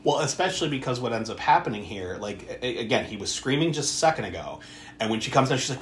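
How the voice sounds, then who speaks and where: A man hosting a podcast, chatting casually about a movie, animated and swearing freely as he acts out scenes. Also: medium pitch, fast, slight background noise. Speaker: podcast host. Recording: echoey room.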